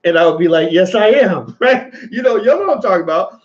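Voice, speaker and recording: Talking fast to his viewers, a Southern American man delivers loose, animated commentary in a voice a little high for a man. He curses casually and repeats phrases for emphasis, and the audio sounds dull and lo-fi.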